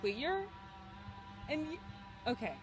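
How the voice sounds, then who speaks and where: A woman's voice: high-pitched, sing-song, a little slow, over music. Teen girl playing a jittery young male grad student. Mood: determined. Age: late teens. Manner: anxious stammering, restarts. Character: nervous young male graduate student, ambitious. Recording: noisy home video recording.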